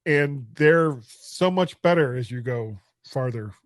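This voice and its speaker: A man's voice: mid-range voice, expressive, takes it slowly, no echo, clean studio sound. A middle-aged man hosting a casual podcast chat, joking, laughing often and stumbling over his words. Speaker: podcast host.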